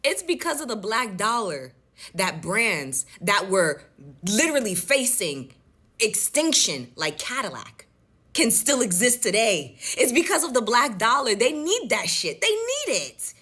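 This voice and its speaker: A woman's voice: fairly high pitch, sing-song, a little slow, pushed and bright, husky. A woman commenting on news and reading an email aloud, blunt and profane in her delivery.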